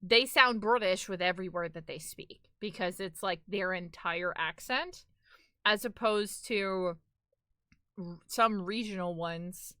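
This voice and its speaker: A woman's voice: medium pitch, a little slow, sharp tone, no room sound, clean studio sound. A woman with a New York accent chatting casually on a live stream, rambling and filling her talk with "like".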